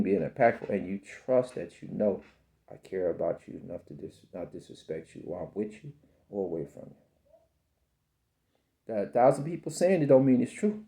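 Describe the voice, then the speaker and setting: A man in his fifties giving a slow, repetitive, preachy spiritual monologue about self-belief, often calling the listener baby. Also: lowish voice, expressive, vocal fry, warm tone.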